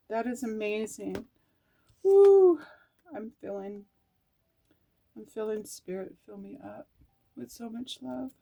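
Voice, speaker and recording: A woman's voice: mid-range voice, creaky, warm tone. A middle-aged woman giving an emotional tarot card reading, reading card meanings aloud and breaking into laughs and tearful asides. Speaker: tarot reader.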